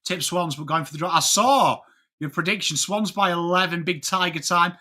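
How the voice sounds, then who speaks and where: A man's voice: sits high, normal speed, sharp tone. An English man hosting a casual live sports watchalong, chatting with viewers and greeting them by name. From England. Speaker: livestream host.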